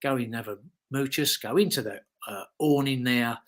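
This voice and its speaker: A man's voice: mid-range voice, normal speed. A British man in his fifties, a former motocross rider, telling casual anecdotes in an interview with lots of fillers and the odd swear word. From United Kingdom. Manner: rambling storyteller, frequent fillers and swearing.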